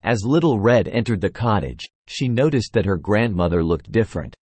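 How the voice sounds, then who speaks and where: Brief: male fairy-tale narrator, low and husky, dry close sound. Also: lively intonation, moderate pace, a little mellow, no room sound. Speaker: storyteller.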